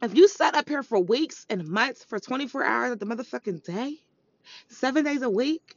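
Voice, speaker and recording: A woman's voice: fairly high pitch, expressive, normal speed, no room sound. Woman for a profane scolding vlog rant, emphatic and repetitive, muffled lo-fi recording. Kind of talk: ranting monologue vlog. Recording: dull lo-fi recording.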